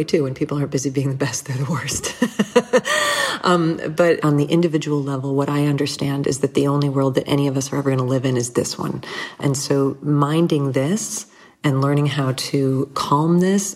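A middle-aged woman speaking as an interview guest, earnest and reflective, with soft laughs and small restarts. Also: sits low, fairly even intonation, brisk.

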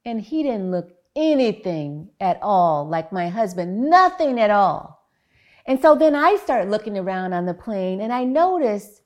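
A woman psychologist giving a public talk, telling a story and explaining research in a measured, deliberate way. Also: a little high, darkish tone.

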